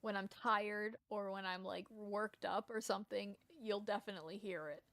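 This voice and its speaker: Lisping Rhode Island woman, a bit gravelly. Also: medium pitch, fairly even intonation, normal speed, a bit bright, dry recording. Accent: Rhode Island mixed with Southern US. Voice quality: lisp. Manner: rambling, self-deprecating, many restarts. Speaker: streamer. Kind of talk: casual gameplay chat.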